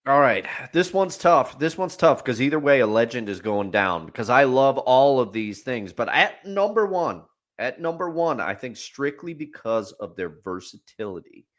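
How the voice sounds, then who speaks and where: A man's voice: mid-range voice, very animated, moderate pace, fairly bright tone. A man co-hosting a casual podcast, easygoing and jokey. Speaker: podcast co-host.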